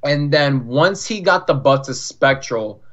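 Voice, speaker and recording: Over an online call with dull, lo-fi audio, a young Florida man guesting on a podcast, a competitive fighting game player, tells stories casually. His medium-pitched voice is animated and fairly bright at a measured pace, and he's chatty, peppering his talk with "like" and acting out quoted dialogue.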